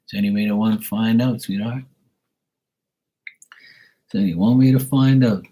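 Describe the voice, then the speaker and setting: A man hosting a casual livestream, joking crudely and streetwise, then doing psychic readings for viewers, often trailing into hushed asides. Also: fairly low pitch, normal speed, long pauses, husky. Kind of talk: casual live-stream chat.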